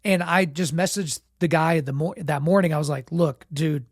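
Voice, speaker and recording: A man with a sore, sick throat, casually telling a story as podcast host, relaxed and self-deprecating with lots of "you know" and "like". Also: on the high side, moderate pace, no room sound, studio quality.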